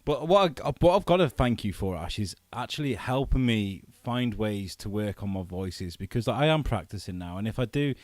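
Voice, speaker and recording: A man with a fairly low voice chats loosely on a podcast, rambling through stories about voice acting and stopping often to restart his sentences. The sound is dry and close, with no room around it. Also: expressive, normal speed, hardly any pauses, no echo. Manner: rambling and chatty, with many fillers and restarts. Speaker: voice actor interviewed on a podcast. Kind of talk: casual podcast chat.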